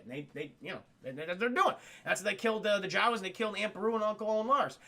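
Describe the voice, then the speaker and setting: A young man streaming, retelling a film to his chat in a loose, animated way and swearing often. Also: sits high, rapid-fire, vocal fry, few pauses. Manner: animated, profane, addresses chat. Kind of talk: casual livestream movie retelling.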